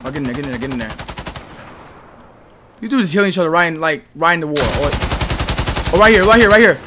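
A young man narrating his own gameplay in a high, bouncy voice that leaps up and down as he talks. He trash-talks and yells at the enemies he shoots, while loud gunfire and explosions from the game fill the background. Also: fast, pauses often, noisy background. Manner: excitable, yelling at enemies, slangy. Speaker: gaming YouTuber. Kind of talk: casual gameplay commentary.

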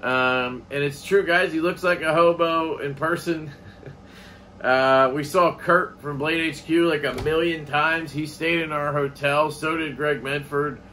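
Bright-voiced man rambling casually. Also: fairly high pitch, fairly even intonation, measured pace, slight background noise. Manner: rambling, laid-back, swears casually. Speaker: knife collecting vlogger. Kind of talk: casual chat.

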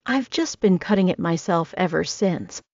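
A woman in her twenties narrating a first-person audiobook with steady, even storytelling. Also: lowish voice, moderate pace, no room sound. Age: 20s. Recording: dry, slightly dull audio.

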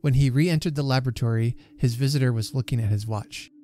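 Warm-voiced male storyteller. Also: medium pitch, fast. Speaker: reader and channel host. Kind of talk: storytelling reading.

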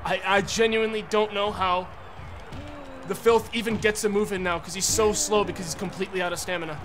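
A man streaming a video game, ranting and swearing in exasperation and often breaking into shouts. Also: sits high, steady tone, a little fast, over music. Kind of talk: live gameplay commentary.

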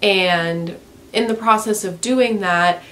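A woman's voice: medium pitch, slow, a bit bright, slight background noise. A woman vlogger giving a casual, profane book review rant, using "like" constantly. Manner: frank and profane, heavy use of "like".

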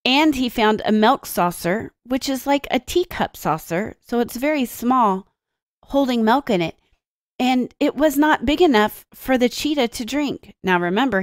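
A woman teacher reading a story aloud to children and explaining it, with expressive storytelling and dramatic pauses. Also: on the high side, dry recording, studio quality.

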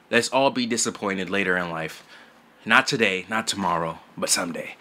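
A young man chatting to his subscribers about game news from his home setup. His voice sits slightly low, yet the tone is bright and forceful. He talks loudly and excitably, full of slang and constant "bro"s. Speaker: gaming YouTuber. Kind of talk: casual gaming news vlog.

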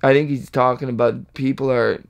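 A man's voice: mid-range voice, fairly quick, gravelly. A man hosting a reaction video, chatting casually and whooping at lines he likes. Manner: excitable, hypes bars with whoops and laughs.

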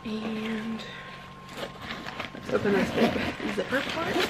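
A woman's voice: on the high side, slow, heavy background noise. A young woman vlogging an unboxing in a casual, gushing way, full of "like" and "you guys", and close to tears at times. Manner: gushing, excitable, fills talk with "like" and "you guys"; emotional, near tears at times.

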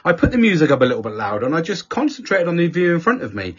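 A man's voice: fairly high pitch, sing-song, rapid-fire, husky. A man telling personal stories in a candid conversational chat. He swears constantly and often restarts his sentences. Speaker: podcast guest speaker. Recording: dull lo-fi audio.

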